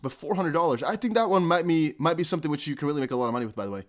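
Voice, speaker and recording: Speaking rapid-fire in a fairly high, expressive voice, a man with a slight Dutch accent runs a crypto live stream. He reads out viewer comments, keeps things casual, and frequently drifts off with "I don't know."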